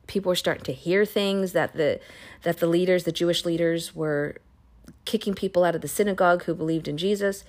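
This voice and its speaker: A woman hosting a Bible podcast, retelling a chapter in a casual, animated way with playful, sassy asides. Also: lowish voice. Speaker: podcast host reading and discussing the Bible.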